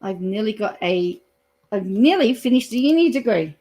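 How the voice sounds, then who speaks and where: A woman's voice: mid-range voice, lively intonation, normal speed, warm tone. A middle-aged woman with an Australian accent hosting a casual live stream, chatting and reading out viewer comments. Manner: chatty, reads out viewer comments, thinks aloud with fillers. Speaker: YouTube live-stream host.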